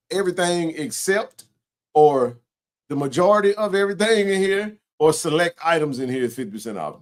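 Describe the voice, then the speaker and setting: Animated man telling a story. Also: on the high side. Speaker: co-host. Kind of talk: casual sports chat.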